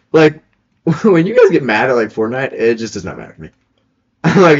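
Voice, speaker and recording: A man's voice: mid-range voice, big pitch swings, a little slow, long pauses, slightly rough, highs cut off. A young man chatting casually as podcast co-host, laughing often and trailing off mid-sentence. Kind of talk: casual chat.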